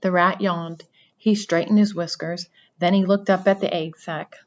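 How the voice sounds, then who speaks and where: A woman reading a children's novel aloud with steady storytelling narration. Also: fairly low pitch, moderate pace, lo-fi sound. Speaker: reader.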